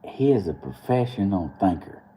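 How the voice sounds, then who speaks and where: Very animated and warm-toned, this young Southern man from Georgia speaks low at a moderate pace on his live morning stream, with a little hiss or hum in the background. He casually rambles through a story, laughing frequently.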